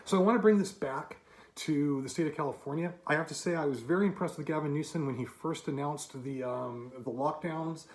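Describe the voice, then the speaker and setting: A man's voice: a little high, brisk. Emphatic man in his fifties, echoey room. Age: 50s. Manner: emphatic, argumentative, rhetorical asides. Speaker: commentator. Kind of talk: monologue to camera.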